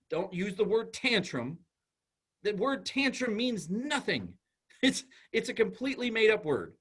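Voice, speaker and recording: A man's voice: high-pitched, very animated, measured pace, fairly bright tone, slightly rough. A man, a school psychologist, giving an informal, conversational talk to parents and acting out little dialogues as he goes.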